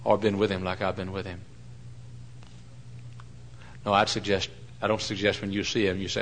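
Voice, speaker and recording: Male preacher, sermon, folksy storytelling, bright forceful tone, faint hiss behind. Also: low voice, level tone, normal speed, pauses often, rough recording. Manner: folksy storytelling, swings from loud mock-pompous to hushed.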